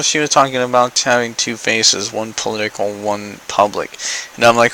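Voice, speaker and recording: A man's voice: mid-range voice, little pitch movement, normal speed, sharp tone, a little hiss or hum, poor audio. A young man ranting in an opinion vlog, exasperated, sarcastic and profane. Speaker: vlogger.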